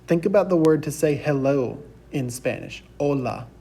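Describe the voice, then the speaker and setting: A young man teaching a recorded class lecture, saying each word slowly and clearly for students to repeat. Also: on the high side, lively intonation, mellow. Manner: slow, deliberate, drills words for repetition.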